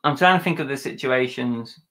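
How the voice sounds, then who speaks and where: A man's voice: mid-range voice, brisk, bright, forceful tone. An English man co-hosting a live reselling chat show, casual and joking, a bit self-conscious and hesitant.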